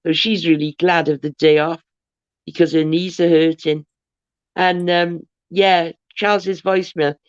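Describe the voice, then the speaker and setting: A woman's voice: lowish voice, level tone, a little slow, clear, resonant tone, no room sound. Woman host, chatty rambler, dull dry lo-fi stream audio. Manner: chatty storyteller, rambling with restarts. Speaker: livestream host. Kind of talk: casual livestream chat.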